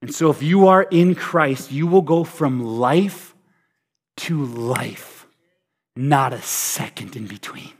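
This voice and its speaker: A man preaching a sermon as pastor, energetic and humorous, swinging between loud hype and quiet, hushed delivery. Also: medium pitch, slow pace, slightly rough. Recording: reverberant hall.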